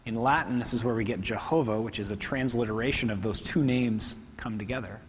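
A man preaching a sermon to a congregation, talking fast and conversationally with asides. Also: medium pitch, long reverb tail, slight background noise. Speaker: pastor. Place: church hall.

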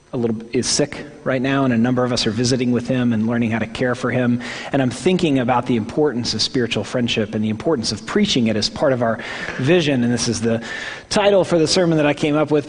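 A man's voice: mid-range voice, husky. A man in his forties with a Midwestern accent, preaching a sermon in a candid, self-deprecating, conversational way. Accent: Midwestern American. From American Midwest. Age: 40s. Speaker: pastor. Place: church hall. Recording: long reverb of a church hall.

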